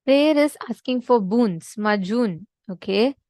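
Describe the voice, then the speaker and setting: Woman spiritual teacher, earnest and emphatic, high voice, dry close sound. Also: animated, takes it slowly, a little mellow, no room sound, rough recording. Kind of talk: devotional teaching session.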